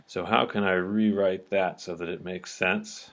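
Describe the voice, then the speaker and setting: A man with a somewhat low voice walks through a lesson at a patient pace. He explains each step and keeps checking that his listeners are following along. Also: fairly even intonation, a little slow, fairly bright tone. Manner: patient, checks understanding often with "okay?". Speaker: teacher. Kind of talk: explanatory lecture at a board.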